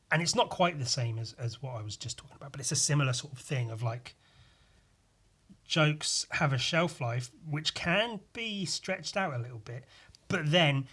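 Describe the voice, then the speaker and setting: A man's voice: medium pitch, fairly bright tone, breathy edge. A man hosting a casual solo podcast, rambling and self-amused, with plenty of swearing. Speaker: podcast host.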